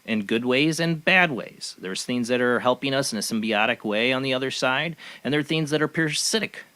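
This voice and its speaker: A man hosting a casual talk show. He speaks earnestly, rambling a little and leaning on fillers as he works through his thoughts. His voice sits at an everyday middle pitch. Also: expressive, fairly quick, sharp tone. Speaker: host. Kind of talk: casual interview chat.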